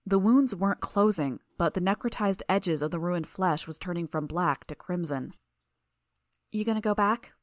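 A woman narrating a first-person fiction audiobook in a steady, even way. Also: lowish voice, moderate pace, few pauses, no room sound, clean studio sound.

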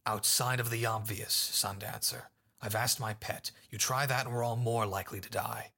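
A man's voice: on the low side, fairly even intonation, moderate pace, vocal fry, pushed and bright, exaggerated voice. A man voicing a cold, calculating adult male crime boss, speaking in curt, commanding sentences. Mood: clipped.

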